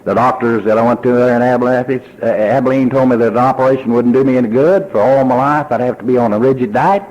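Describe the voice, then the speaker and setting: A man's voice: medium pitch, steady tone, fast talker, a little mellow, highs cut off. An older man with a Texan accent giving a personal testimony at a recovery convention, telling his story in a folksy way and acting out remembered dialogue. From Texas.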